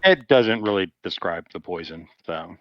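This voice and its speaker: A man's voice: deep voice, expressive, normal speed, no echo. A man playing in a tabletop game who casually describes what his character does. His audio sounds dull and dry, with no room around it. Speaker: player.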